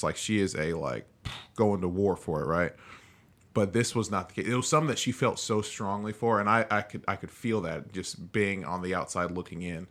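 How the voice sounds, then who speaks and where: A man in his thirties with a lowish pitch and a bright, forward tone hosts a podcast in casual conversation. He talks loosely, leaning on filler phrases. His stories come out relaxed and chatty. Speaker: podcast host. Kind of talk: casual chat.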